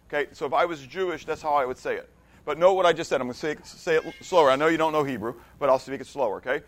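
A man's voice: fairly high pitch, fairly quick. A man leading an interactive Bible class. He reads scripture aloud with emphasis, often restarts or repeats words, and keeps checking that his listeners follow. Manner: conversational, stops often to check understanding. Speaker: Bible study teacher.

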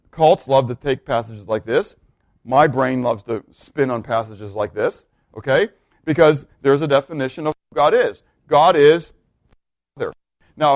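A man preaching a sermon, teaching with frequent questions to the congregation and reading scripture slowly with emphasis. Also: a little high, no echo. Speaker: pastor.

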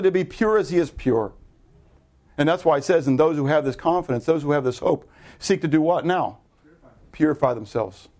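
A middle-aged man preaching with a slightly high voice, animated and chatty. He throws questions to the congregation and breaks off into loose, self-correcting asides. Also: a little fast. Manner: animated preaching with audience call-and-response. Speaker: pastor. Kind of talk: sermon.

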